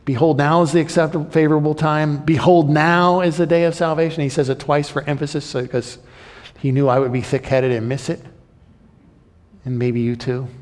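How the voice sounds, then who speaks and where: A man preaching a sermon in an earnest manner, repeating phrases for emphasis and moving between loud urging and quiet, close remarks. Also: on the high side. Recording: long hall reverb.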